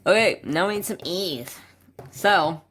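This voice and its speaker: A man's voice: high-pitched, unhurried, bright, forceful tone, slight background noise. A man in his forties chatting casually as a craft channel host, rambling and joking with muttered asides while swatching markers at his home desk.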